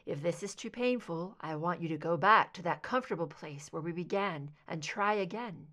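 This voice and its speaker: Brief: woman reader playing a soft-spoken, measured hypnotherapist, steady and calm. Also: close to an everyday voice. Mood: soothing. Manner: low, modulated, measured. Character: calm therapist leading a hypnosis session.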